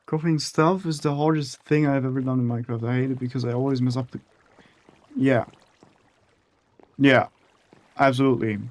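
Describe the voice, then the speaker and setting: A man's voice: medium pitch, fairly even intonation, fast, a little mellow. A young man giving casual, profane commentary while building in a video game, muttering to himself as he works. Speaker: gaming streamer.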